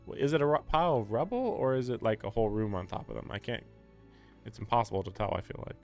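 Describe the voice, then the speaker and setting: A man's voice: lowish voice, expressive, fast talker, gravelly, a little mellow, faint music behind. A man streaming a visual novel, reading its text aloud and breaking off into wry, chatty commentary.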